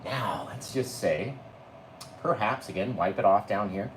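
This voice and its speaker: A man's voice: on the low side, measured pace, echoey room, a little hiss or hum, rough recording. A man teaching a live painting lesson, talking viewers through each brushstroke in a chatty way and calling them "guys". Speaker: painting instructor.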